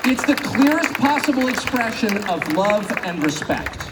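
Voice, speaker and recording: A middle-aged man from California gives a public speech to an audience, animated and sarcastic, mocking imagined critics. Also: sits high, measured pace, over a noisy crowd, heavy background noise. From California, United States. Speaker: guest speaker. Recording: echoey hall, faint ambience.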